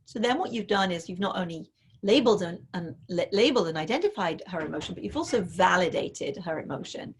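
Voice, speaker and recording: Husky, gravelly-voiced woman explaining. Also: lowish voice, lively intonation, fast talker. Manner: thoughtful, talks through examples with frequent fillers. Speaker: author and parenting expert guest. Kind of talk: explanatory interview answers.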